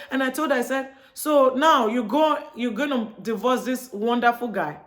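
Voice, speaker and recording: In a slightly high, slightly bright voice, a Chicago woman tells her viewers a story at a moderate pace with few pauses. The vlogger keeps it casual and chatty, acting out both sides of the dialogue.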